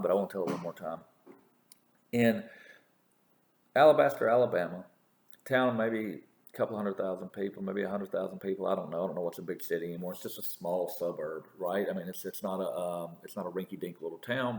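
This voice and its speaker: Gravelly man rambling in an echoey room. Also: lowish voice. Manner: rambling storyteller with many restarts and profanity. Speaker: political commentator. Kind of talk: casual monologue.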